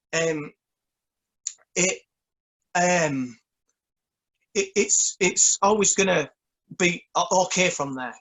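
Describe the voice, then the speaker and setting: High, bright-voiced stammering man. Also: low-quality recording. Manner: stammering, repeats words often. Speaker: songwriter guest. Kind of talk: casual interview chat.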